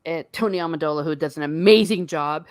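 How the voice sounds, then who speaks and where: A woman's voice: low-pitched, quick pace, no echo. A woman in casual chat, enthusiastically retelling favorite scenes in detail. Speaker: podcast co-host.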